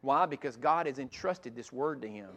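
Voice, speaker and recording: A middle-aged man preaching a sermon, moving between loud emphatic lines and quiet gentle passages. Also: mid-range voice, animated, normal speed, lo-fi sound. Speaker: pastor.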